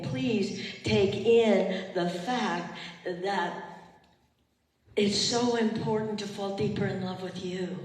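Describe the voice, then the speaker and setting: Older woman minister, slow heartfelt sermon, heard from a distance in a reverberant chapel. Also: mid-range voice, darkish tone. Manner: emotional, heartfelt, leads the congregation in call and response. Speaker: retired minister. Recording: echoey hall, far from the mic.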